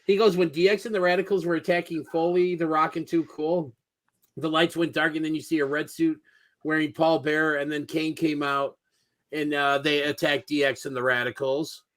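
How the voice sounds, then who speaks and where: Slightly high man reading listener answers. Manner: relaxed, halting reading with many uhs. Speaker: podcast co-host.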